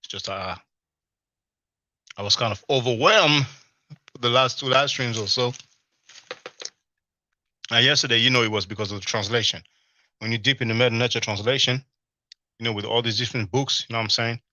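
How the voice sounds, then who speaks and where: Bright-voiced man hosting a live chat. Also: mid-range voice, a little fast, pauses often, no room sound. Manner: loose, rambling, full of "you know". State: talking while eating. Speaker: live stream host. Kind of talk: casual live-stream chat with viewers. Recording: slightly dull lo-fi stream audio.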